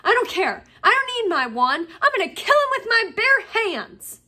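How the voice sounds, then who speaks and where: A woman reading aloud, voicing a furious teenage schoolboy who shouts in a rage. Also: very high voice, sing-song, moderate pace, pitched above the performer's own voice, full character voice. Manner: shouting, raging.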